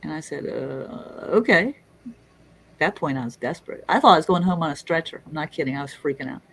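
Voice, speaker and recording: Animated storytelling woman, casual chat. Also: low-pitched, fast, low-quality recording. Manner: animated, swearing, acts out quotes. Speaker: guest storyteller.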